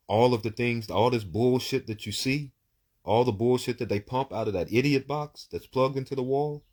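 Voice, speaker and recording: A low-voiced man gives casual live psychic readings to viewers. He is emphatic and preachy, swears freely, and repeats words and lists in bursts.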